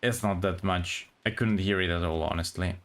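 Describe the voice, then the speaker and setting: A man's voice: deep voice, normal speed. A man streaming with a friend, reading a visual novel aloud and chatting casually with many restarts. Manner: relaxed, hesitant, many restarts.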